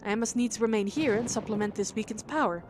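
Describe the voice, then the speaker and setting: A woman voicing a calm, learned female scholar in a formal, measured, softer tone over faint game music. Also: medium pitch, natural voice. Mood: thoughtful.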